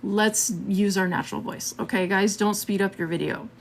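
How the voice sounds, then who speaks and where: A woman's voice: medium pitch, steady tone, moderate pace, gravelly, a little hiss or hum. A woman hosting a live marketing stream, talking casually and a bit scattered, laughing often and checking in with "okay?".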